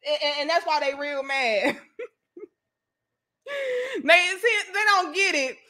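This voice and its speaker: A woman host with a St. Louis accent giving loose livestream commentary, profane and animated, laughing often and answering viewer comments. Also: high voice, slow. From St. Louis, USA.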